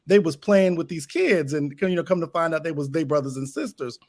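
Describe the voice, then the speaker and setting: Guy rambling thru a joke, lots of you know, bit high voice. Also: fairly quick. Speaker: comedian guest. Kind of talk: telling a stand-up joke.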